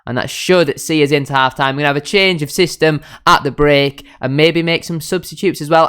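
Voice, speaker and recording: A man's voice: fairly high pitch, steady tone, brisk, hardly any pauses, a bit bright, clear, resonant tone. A young man commentating his own football management game, frustrated and self-critical as he calls the play. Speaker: gaming YouTuber.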